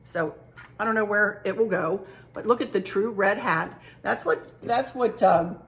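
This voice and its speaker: A middle-aged woman chats warmly through a shopping haul, gushing over every small find and repeating herself as she goes. Her voice sits in the middle of the range with a gravelly fry at the ends of phrases. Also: medium pitch. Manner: chatty, gushing, repeats words. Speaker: home decor vlogger. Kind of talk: casual chat showing a shopping haul.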